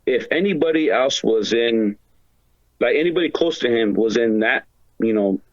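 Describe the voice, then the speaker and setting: A man's voice: mid-range voice, animated, moderate pace, no room sound, highs cut off. A man talking as a podcast guest in casual chat, rambling and profane, with lots of filler words and slang.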